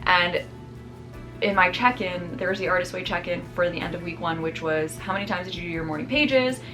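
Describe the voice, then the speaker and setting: A young woman talks through her vlog in a loose, chatty, reflective way, full of "like" and "um". Her voice sits a little low, and music plays clearly behind her. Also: fairly quick. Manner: chatty, reflective, many fillers like "like" and "um". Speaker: vlogger. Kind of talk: casual vlog chat. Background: background music.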